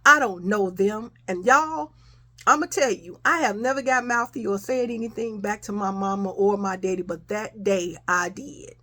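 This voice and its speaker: A young adult woman casually telling a childhood story to her viewers, animated and chatty. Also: mid-range voice, normal speed. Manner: animated, addresses viewers as y'all.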